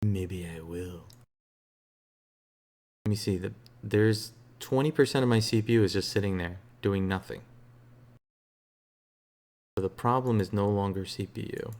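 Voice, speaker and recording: A man streaming games, chatting casually in a relaxed, rambling way with a soothing voice and lots of fillers. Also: fairly low pitch, a little slow, pauses often. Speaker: game streamer. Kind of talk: casual live-stream chat.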